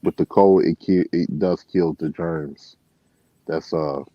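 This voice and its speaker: A very deep-voiced man with a Chicago accent tells laid-back stories, full of fillers. The sound is muffled and dull. It is dry, with no room to it. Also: a little slow, no room sound. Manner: relaxed storyteller, many fillers. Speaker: truck driver and regular caller. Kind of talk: casual chat.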